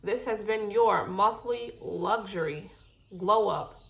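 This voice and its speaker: A woman's voice: medium pitch, slow, creaky, fairly bright tone. Woman reading tarot cards, a bit out of breath, keeps saying okay, fixes her words. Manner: reassuring, repeats okay, self-corrects often. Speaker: tarot reader. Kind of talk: casual spiritual reading to camera.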